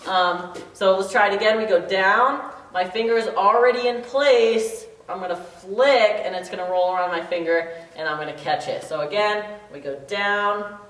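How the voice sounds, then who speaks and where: A young woman teaching a karate lesson, counting drills in an encouraging way and shouting kiai yells. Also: medium pitch, normal speed. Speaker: karate instructor. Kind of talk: online martial arts lesson. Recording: echoey room from far off.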